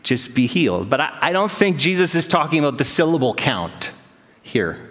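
A man in his thirties, a pastor, preaching a sermon with self-deprecating stories and animated quoted voices. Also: fairly high pitch, moderate pace. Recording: long hall reverb.

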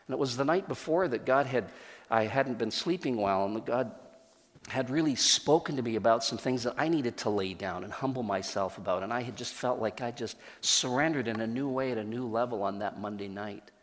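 A man's voice: mid-range voice, a little fast. A man, a church leader, telling a personal testimony in an earnest storytelling way, with frequent restarts and repeated words. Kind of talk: testimony sermon. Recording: long hall reverb.

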